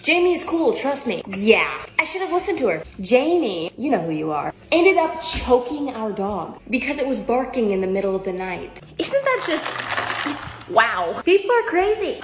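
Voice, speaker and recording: A young woman content creator telling funny stories to camera in a dramatic, animated way. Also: a little high, normal speed, few pauses, background noise. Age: young adult. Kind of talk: casual storytelling vlog.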